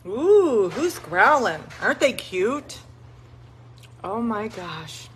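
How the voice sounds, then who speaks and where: On a casual livestream, a South Texas woman who leads a dog rescue greets viewers and, in between, coos doting baby talk at puppies. Her mid-range, slightly bright voice moves slowly with big pitch swings, over slight background noise.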